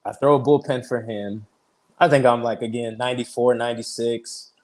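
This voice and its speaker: A man in his thirties, a pitcher guest on an interview show, telling his story casually, peppered with "like" and easy laughs. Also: fairly even intonation, moderate pace. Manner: chatty, fills speech with "like", retells conversations; laughs easily while telling stories.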